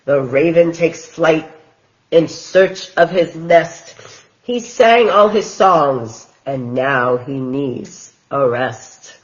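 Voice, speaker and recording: A woman hosting a children's storytime, reading picture books aloud in a gentle, expressive way. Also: sits low, extremely slow, dull audio. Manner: gentle, expressive, sing-song. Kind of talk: picture book read-aloud for toddlers.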